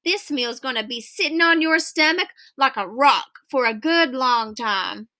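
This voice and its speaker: A woman voicing a playful older man who teases a boy with slow, drawling jokes. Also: extremely high pitch, pushed and bright, exaggerated voice. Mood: teasing. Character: teasing older man, grandfatherly joker.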